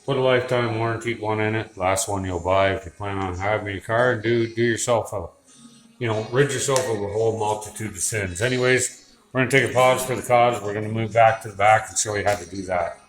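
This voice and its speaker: A man's voice: fairly low pitch, a little fast, roomy sound, rough recording. A man working as an auto mechanic, explaining repairs in a casual, joking, rambling way in a repair garage. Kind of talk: casual shop walkthrough. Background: radio music playing.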